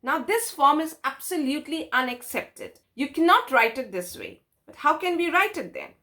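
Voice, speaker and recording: A woman's voice: sits high, expressive, normal speed, sharp tone. A woman teaching an English grammar lesson, patiently explaining step by step with examples and stressing key words.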